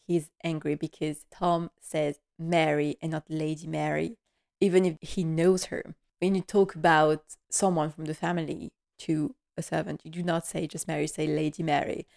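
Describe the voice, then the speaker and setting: A woman's voice: deep voice, steady tone, moderate pace, gravelly, a little mellow. A young woman casually recapping a TV episode, chatty and gushing, acting out bits of dialogue as she goes. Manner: chatty and gushing, acts out quotes, laughs often. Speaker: TV series recap vlogger.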